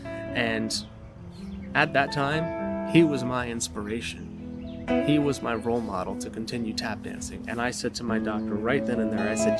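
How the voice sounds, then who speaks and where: A man giving a motivational talk, telling his personal story in an animated, dramatic way. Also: medium pitch, moderate pace, over loud music. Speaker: motivational speaker.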